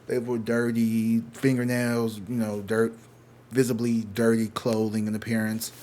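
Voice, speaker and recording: A man with a St. Louis accent telling a swearing-heavy story, casual and animated, acting out what other people said. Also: medium pitch, measured pace. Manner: profane, animated, acts out other people's lines. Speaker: tarot reader telling a story.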